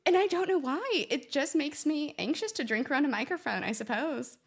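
A woman's voice: sits high, lively intonation, brisk. A young woman co-hosting a casual podcast and reading stories aloud, chatty and a little self-conscious, laughing often, on a studio microphone. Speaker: co-host, law student.

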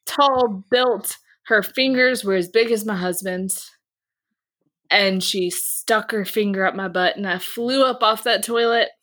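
A woman's voice: mid-range voice, a little slow, fairly bright tone. A woman chatting casually on a podcast, telling a candid story with lots of fillers and laughs.

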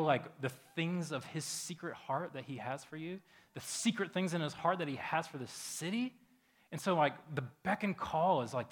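A man preaching a casual sermon as pastor, talking loosely and conversationally with lots of fillers. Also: on the high side.

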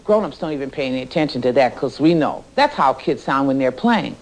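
A woman's voice: extremely low pitch, lively intonation, brisk, shouting, heavy background noise. A woman patiently explaining and demonstrating in a scripted instructional clip.

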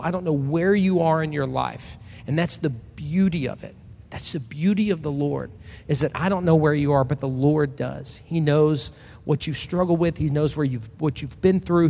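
A man in his thirties gives a relaxed, chatty sermon in a church sanctuary. His voice sits a bit high and has a gravelly edge. A long reverb trails his words around the hall. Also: a little hiss or hum. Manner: loose and personal, with frequent restarts and fillers. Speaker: pastor. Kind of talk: casual conversational sermon.

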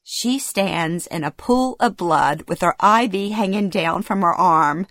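The clean studio recording, free of echo, captures a middle-aged woman reading her memoir aloud. She speaks at a measured pace in a voice on the low side that's a bit bright, telling events in the present tense and acting out the dialogue with feeling.

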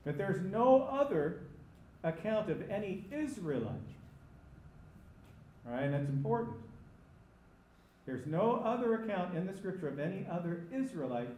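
A man preaching a sermon, emphatic, sometimes rising to loud cries. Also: high voice, sing-song, unhurried, long pauses, roomy sound, slight background noise.

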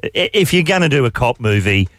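Wry, animated male radio host. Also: mid-range voice, fairly quick. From New Zealand. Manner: wry, joking delivery. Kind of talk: comedy radio chat.

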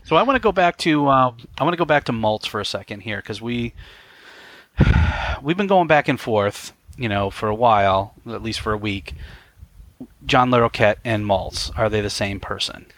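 A man's voice: fairly low pitch, expressive, normal speed, fairly bright tone, no room sound. A man co-hosting a podcast, chatting casually and laughing often. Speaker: podcast co-host. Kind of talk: casual chat.

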